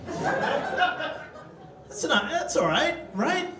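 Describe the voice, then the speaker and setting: A stand-up comedian from Africa, loose and profane, chatting with the crowd in a comedy club. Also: male voice, very high-pitched, sing-song, slow pace, long pauses, background noise. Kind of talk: stand-up routine. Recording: roomy hall, distant mic, crowd laughter. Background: audience laughter.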